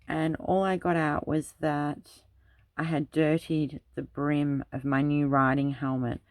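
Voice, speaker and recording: A woman's voice: sits low, level tone, measured pace, no echo. A woman hosting a craft video, telling long rambling childhood stories in a casual chat while she works. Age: adult parent. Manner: rambling anecdotal storytelling. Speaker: craft channel host.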